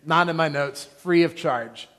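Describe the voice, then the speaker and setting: A male pastor delivers a sermon in a church sanctuary, speaking in a slightly high voice. He talks earnestly and conversationally, tossing casual asides to the congregation. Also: unhurried, a bit bright, big-room sound.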